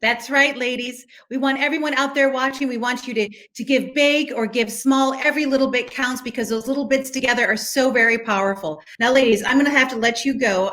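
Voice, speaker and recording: A woman's voice: fairly high pitch, sharp tone. A woman hosts a charity broadcast in an easy, playful way, joking with her guests. Her voice sits a little above the usual woman's. She keeps the chat light and teasing. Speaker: host.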